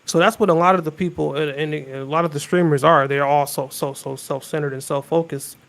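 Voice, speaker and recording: A man guest-hosting a podcast in casual chat, talking in an emphatic, animated way. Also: fairly high pitch, brisk, creaky.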